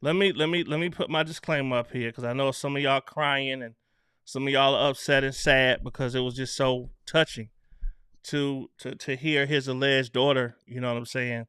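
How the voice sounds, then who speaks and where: A man's voice: medium pitch, steady tone, moderate pace, bright, forceful tone, smooth, dry recording, studio quality. A man hosting a casual live stream, reading out viewer comments in a loose, chatty way and laughing between them. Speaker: online show host.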